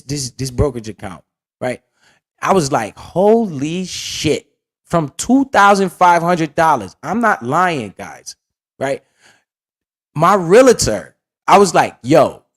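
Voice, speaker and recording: A young man with a somewhat high voice tells a casual story, heavy with slang and swearing. He talks in an animated, streetwise way, like a host chatting straight to his viewers. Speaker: finance video host.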